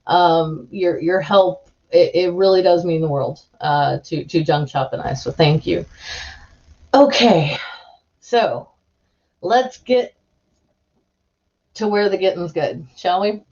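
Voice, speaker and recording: A woman's voice: lowish voice, slow pace, pauses often, a little mellow, dull audio. A woman hosting a live stream, chatting casually in a giggly, rambling way with lots of restarts.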